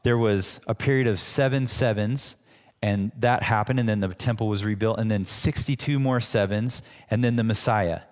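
A man's voice: fairly low pitch, normal speed, a little mellow. Male pastor in a reverberant church hall. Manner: conversational teaching with frequent restarts. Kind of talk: sermon.

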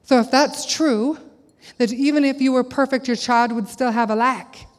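A woman's voice: high voice, moderate pace. Middle-aged woman preaching in a reverberant hall. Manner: conversational, animated preaching with rhetorical questions. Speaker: speaker at a church gathering. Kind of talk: sermon.

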